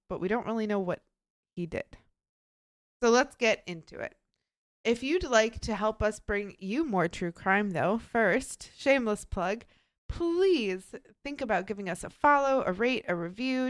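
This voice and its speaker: A woman's voice: medium pitch, expressive, moderate pace, clean tone, no room sound. A woman co-hosting a true crime podcast, talking in a casual, upbeat, chatty way with lots of fillers. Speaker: podcast co-host presenting the case.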